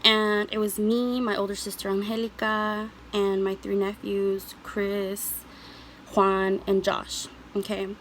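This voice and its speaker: A woman's voice: medium pitch, flat delivery, slow, fairly bright tone, slight background noise, low-quality recording. A young woman vlogger answering viewer questions, telling a personal story in an earnest, emotional way with many ums and you-knows.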